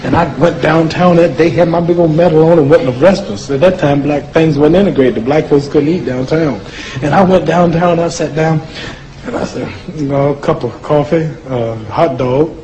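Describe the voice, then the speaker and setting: A man's voice: on the high side, fairly quick, low-quality recording. A man telling humorous, mocking stories to an audience and acting out voices and sounds. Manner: folksy, mocking, acts out quotes and sounds. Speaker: former boxer giving a talk. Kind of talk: humorous storytelling speech. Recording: steady background noise.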